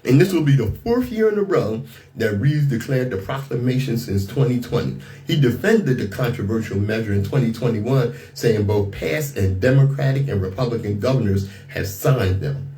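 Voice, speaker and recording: A man's voice: medium pitch, animated, moderate pace, mellow, slight background noise. Outspoken male radio talk host. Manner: outspoken, indignant, restarts and repeats words. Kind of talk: radio commentary on news.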